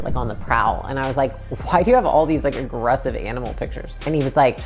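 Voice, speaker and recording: A woman in her twenties telling her own story in a casual, conversational way, full of "like" fillers and acted-out quotes. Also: extremely low pitch. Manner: conversational, frequent "like" fillers, acts out quoted lines.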